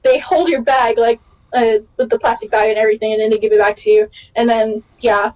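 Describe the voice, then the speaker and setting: A woman's voice: fairly quick, rough recording. A woman hosting a podcast, telling a travel story in casual chat and acting out what people said. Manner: excitable storyteller, acts out quotes with big pitch jumps. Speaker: podcast host.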